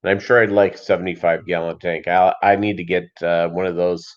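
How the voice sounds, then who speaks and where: Male stream host, lowish voice, rambling and filler-heavy, dull lo-fi audio. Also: level tone. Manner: rambling, many fillers and pauses, reads chat aloud. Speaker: livestream host. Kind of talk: casual livestream chat.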